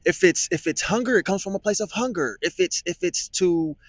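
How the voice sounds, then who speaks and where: Man, vlogger, thinking aloud, stop-start delivery with restarts, somewhat high pitch, dry close sound. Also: dry recording. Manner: musing, halting, repeats words with many fillers. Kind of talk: reflective monologue.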